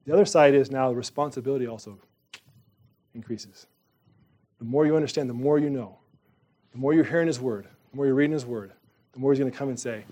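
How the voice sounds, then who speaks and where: A man's voice: mid-range voice, fast, pauses often, dark tone. A man preaching a sermon in a casual, conversational way, with emphatic rises in his voice. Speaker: pastor.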